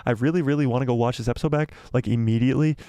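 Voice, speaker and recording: A man's voice: medium pitch, very fast, dark tone, smooth, no room sound. Guy live streaming, all hyped and breathless, keeps repeating stuff, dry close sound. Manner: breathless, swearing, repeating himself. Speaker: host of a live watch party stream. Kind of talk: excited live-stream chat, reading viewer comments.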